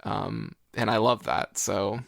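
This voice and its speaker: A man's voice with a gravelly texture sits in a dry, close recording. He co-hosts a podcast in a relaxed, chatty way, laughs easily and fills his sentences with "like". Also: on the low side, slow pace, no echo. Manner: chatty, laughing often, many "like" fillers. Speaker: podcast co-host. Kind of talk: casual podcast chat.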